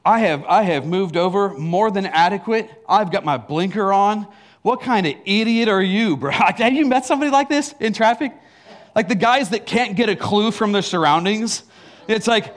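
A man's voice: high voice, lively intonation, moderate pace, a bit bright. A middle-aged man preaching a sermon in a church, telling a story with laughs and acted asides. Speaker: pastor.

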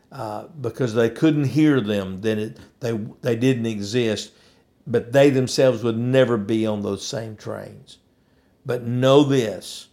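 A man's voice: medium pitch, darkish tone. A man delivering an emphatic, preachy opinion monologue, hammering points with repetition.

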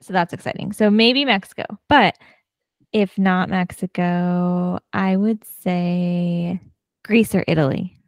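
A woman's voice: lowish voice, fairly even intonation, takes it slowly, dry recording. A woman co-hosting a podcast, chatting casually and laughing often. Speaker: podcast co-host. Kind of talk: casual chat.

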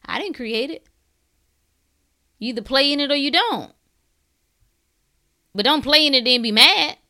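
A woman's voice: high voice, lively intonation, a little slow, sharp tone. A woman in a casual monologue, blunt and preachy, firing off sarcastic rhetorical questions in slangy talk.

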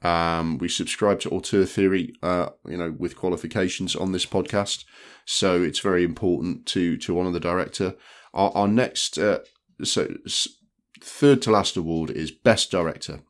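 Man, very low voice, blunt and sweary, casual podcast film chat. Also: moderate pace. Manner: blunt, swears, many restarts. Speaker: podcast co-host.

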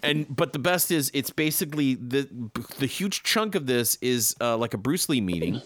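A man co-hosting a podcast who rambles excitedly through a recap, with many fillers and restarts. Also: medium pitch, moderate pace, no room sound. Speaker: podcast co-host. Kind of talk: casual chat.

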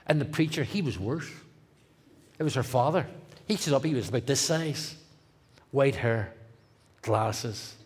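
A middle-aged man with a Northern Irish accent, a guest speaker telling his testimony in a comic, animated way, dropping to a hush and rising loud. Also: medium pitch, a little slow, pauses often, a little hiss or hum. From Northern Ireland. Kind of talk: testimony storytelling.

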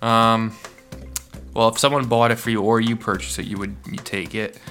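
A man's voice: lowish voice, flat delivery, moderate pace, a bit bright, faint music behind. A man co-hosting a podcast, chatting casually and laying out playful hypothetical scenarios. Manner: playful, rambling, poses hypotheticals. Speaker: podcast co-host.

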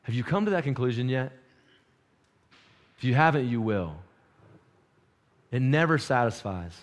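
A man preaching a sermon, shifting from loud urgent peaks to quiet intense lows, with casual slang. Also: expressive, unhurried, long pauses.

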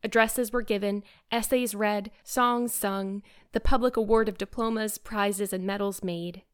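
Female audiobook narrator, measured, expressive, mid-range voice. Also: medium pitch, clear, resonant tone. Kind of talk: scripted narration.

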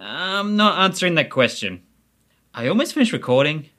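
An actor playing a dry, teasing young neighbor from Adelaide in an audio drama. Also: male voice, fairly high pitch, big pitch swings, moderate pace, pushed and bright. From Adelaide, Australia.

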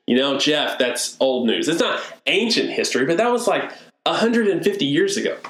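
A man preaching a sermon in a storytelling way, moving between hushed and lively delivery. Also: fairly high pitch. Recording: echoey room.

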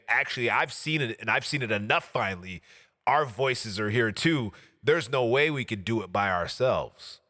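A man's voice: mid-range voice, bright, forceful tone, big-room sound. A man talking earnestly and at length in a casual podcast chat, heartfelt and rambling. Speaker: podcast co-host.

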